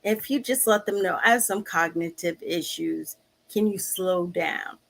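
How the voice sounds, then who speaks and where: A woman talking casually to her viewers, slow and searching, often restarting her sentences. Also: on the low side, creaky. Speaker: vlog host. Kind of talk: casual personal talk to camera.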